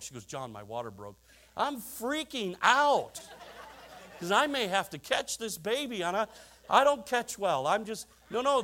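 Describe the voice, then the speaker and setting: A man's voice: high-pitched, fairly bright tone. A middle-aged man preaching a sermon, telling stories with chuckling asides and rhetorical questions to the congregation. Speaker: pastor.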